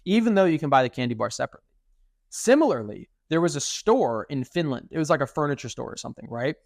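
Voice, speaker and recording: Animated young man, dry sound. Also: fairly high pitch, quick pace, vocal fry, dry recording. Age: young adult. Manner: animated, acts out quoted speech. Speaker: podcast co-host. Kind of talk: casual podcast chat.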